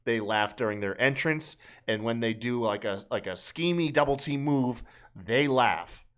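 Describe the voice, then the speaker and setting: A man's voice: medium pitch, unhurried, fairly bright tone. A man co-hosting a wrestling podcast, talking casually with loose, profane, sarcastic remarks. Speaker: podcast co-host.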